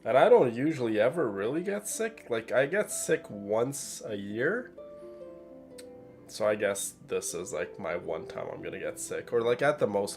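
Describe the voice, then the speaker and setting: Brief: a sick, nasal male streamer rambling to viewers, low and gravelly. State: sick, congested. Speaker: gaming streamer. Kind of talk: casual let's play commentary.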